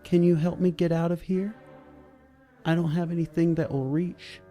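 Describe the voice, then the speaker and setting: A man voicing a lonely little boy trapped in a well, speaking in a small, pleading, frightened way, with soft music behind. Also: a little high, flat delivery, moderate pace, pitched above the performer's own voice, natural voice.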